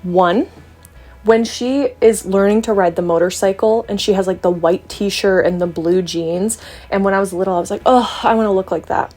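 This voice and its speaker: Young canadian woman vlogging, goofy and jokey, mid pitch, faint music under her. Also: normal speed. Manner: playful, joking, lively asides. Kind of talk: casual chat to camera.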